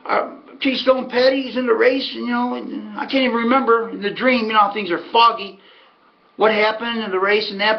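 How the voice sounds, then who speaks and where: A man's voice: extremely high pitch, muffled recording. A middle-aged American man rambling through a casual monologue, telling stories with folksy asides. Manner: chatty storyteller, folksy asides. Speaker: horse racing handicapper and host.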